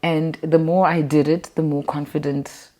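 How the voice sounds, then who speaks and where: A woman's voice: low voice, moderate pace. A woman from Zimbabwe, chatting at home as an interview guest and animatedly telling stories about her life. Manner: animated, acts out quotes with lively voices. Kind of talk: casual storytelling chat.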